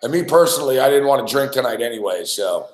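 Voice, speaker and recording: A man's voice: medium pitch, expressive, fast. A man with a mid-range voice tells a long, loose story as a sports talk host. He swears freely and circles back on himself. The room around him sounds echoey. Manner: profane, rambling, laughs a lot. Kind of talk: casual storytelling chat.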